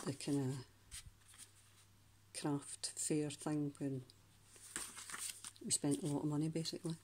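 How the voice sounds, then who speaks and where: Leafing through a handmade journal one page at a time, a Scottish woman with a low voice talks in an unhurried, chatty way, as though speaking directly to the viewer. She wanders a little and frequently breaks off mid-sentence to find a word, over a faint hiss or hum.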